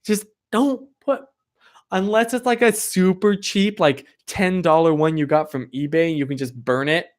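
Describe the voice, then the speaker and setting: High-pitched and steady in tone, this man talks at an ordinary speed during a live stream from a cold room. Through a streaming mic, he rambles casually with plenty of "like" and responds directly to chat.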